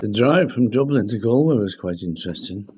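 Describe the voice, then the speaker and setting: A man co-hosting a podcast, telling relaxed travel stories in casual chat with his partner. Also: on the low side, a little fast, over loud music. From Liverpool. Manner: relaxed anecdotal storytelling with frequent laughs. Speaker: podcast co-host.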